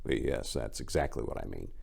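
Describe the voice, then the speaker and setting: A man doing a soft-spoken slick suit. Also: lively intonation, normal speed, creaky, husky, full character voice. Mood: earnest. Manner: soft, low, earnest. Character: smooth-talking slick man in a suit, earnest.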